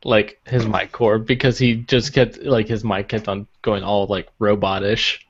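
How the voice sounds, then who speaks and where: A man hosting a casual podcast chat, relaxed and quick to laugh, asking the group questions. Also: lowish voice, dull audio. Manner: easygoing, laughs often, asks questions. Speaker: podcast host.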